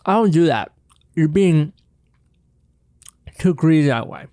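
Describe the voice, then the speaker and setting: A man's voice: fairly high pitch, animated, takes it slowly, warm tone, no echo. A man hosting a casual solo podcast, talking loosely with joking swears and chewing chocolate on the mic. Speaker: podcast host. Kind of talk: casual solo podcast chat with eating sounds.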